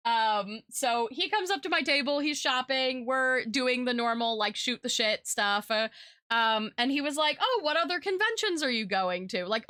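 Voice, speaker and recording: A woman's voice: fairly high pitch, pushed and bright, no room sound, clean studio sound. A young woman streamer and artist chatting casually, rambling with lots of fillers and little laughs. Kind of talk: casual chat.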